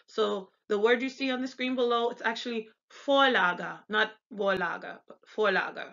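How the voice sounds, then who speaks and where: A woman's voice: fairly high pitch, steady tone, fairly quick, vocal fry, a bit bright, dull audio. A woman with an American accent teaching pronunciation, explaining each sound and sometimes stopping to correct herself. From United States. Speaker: language tutor. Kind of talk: pronunciation lesson.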